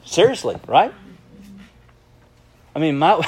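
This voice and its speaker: A middle-aged male pastor delivers a sermon in a noticeably high voice. He preaches by telling stories and breaks into laughter often. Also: slow, background noise. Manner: lively storytelling, laughing often.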